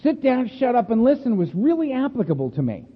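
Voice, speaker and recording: A man sharing stories as a speaker at a recovery meeting, animated and chatty, often laughing and tagging his lines with "man" and "right?". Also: extremely high pitch, brisk, breathy edge. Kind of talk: storytelling talk. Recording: echoey hall over a tinny phone-like line.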